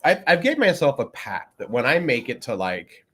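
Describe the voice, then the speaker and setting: A man co-hosting a podcast in casual chat, rambling with many fillers and often trailing off quietly. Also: medium pitch, huge pitch swings, normal speed, husky. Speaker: podcast co-host.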